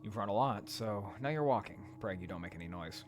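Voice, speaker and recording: A man playing through a horror dating game, reading its text aloud in a hushed voice. He breaks into loud, profane commentary, his voice swinging widely in pitch. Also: expressive, fairly quick, few pauses, noisy background. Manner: reads quietly, then bursts into loud, profane rants. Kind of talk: let's play narration and commentary.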